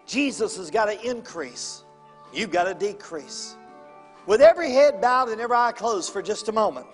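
A man, a pastor preaching an evangelistic sermon and calling people to the altar with fervent, repetitive urging. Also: high-pitched. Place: large church auditorium. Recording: long reverb of a large hall with faint music.

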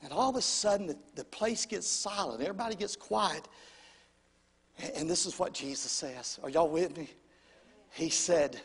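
A male preacher telling a story in a sermon, swinging from shouts to whispers and calling out to the congregation. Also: fairly high pitch, normal speed, breathy edge, long reverb tail.

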